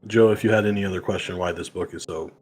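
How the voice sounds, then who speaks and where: A man with a lowish voice chats dryly and ribs his co-host on a live comic book stream. He keeps his remarks short and teasing. Faint music sits behind him. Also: steady tone, fast, darkish tone. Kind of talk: casual live-stream chat.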